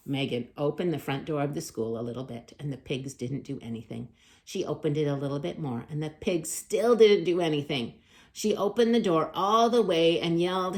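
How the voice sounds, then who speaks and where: A woman hosting children's storytime, reading a picture book aloud with expressive loud calls and hushed asides. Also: sits low, fairly quick.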